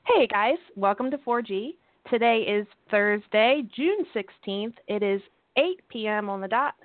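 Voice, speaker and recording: A woman's voice: medium pitch, animated, measured pace, no echo. A woman hosting a casual chat show on a headset, talking in a brash, blunt way and swearing freely. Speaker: podcast host. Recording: tinny phone-like headset line.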